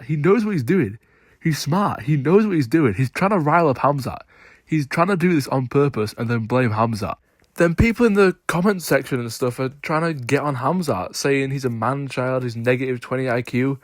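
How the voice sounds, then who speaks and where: A man's voice: medium pitch, expressive, normal speed, no echo, clean studio sound. A man giving opinionated sports commentary, emphatic and insistent as he argues his case.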